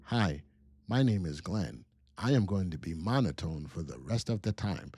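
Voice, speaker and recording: A man putting on the flat monotone voice of a male chat viewer, deadpan and low. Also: moderate pace, slightly rough.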